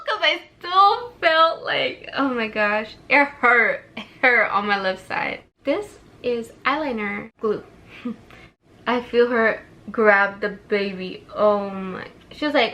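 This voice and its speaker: A woman's voice: a little high, moderate pace. A young woman vlogger telling a personal story in casual chat while doing her makeup, acting out what people said with laughs and gasps. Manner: animated, acts out quotes with laughs and gasps.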